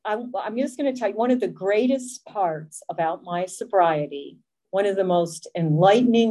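A middle-aged woman giving a personal recovery testimony, speaking in an earnest, emotional, halting way. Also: mid-range voice, warm tone.

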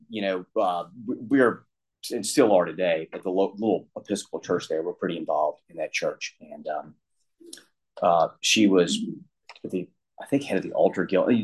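A man's voice: deep voice, slightly rough, low-quality recording. A middle-aged man candidly telling a personal story, rambling and self-deprecating, often restarting his sentences. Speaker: guest sharing recovery story.

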